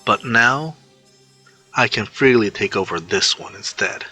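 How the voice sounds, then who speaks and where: A man voicing a cold, sneering cyborg villain who taunts slowly, sometimes dropping to a hiss. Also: fairly low pitch, pushed and bright, breathy edge, faint music behind, heavily acted. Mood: taunting. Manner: taunting, slow and menacing, drops to a hiss.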